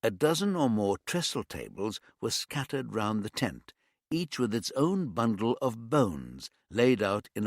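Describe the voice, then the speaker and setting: A man reading a crime novel as audiobook narrator, in an even, measured storytelling manner. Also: lowish voice, no room sound, clean studio sound.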